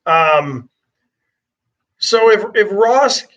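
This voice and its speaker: A man's voice: high voice, lively intonation, extremely slow, fairly bright tone. A man co-hosting a morning radio show, teasing his partner and laughing often. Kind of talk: casual morning radio banter. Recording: distant, dull lo-fi sound.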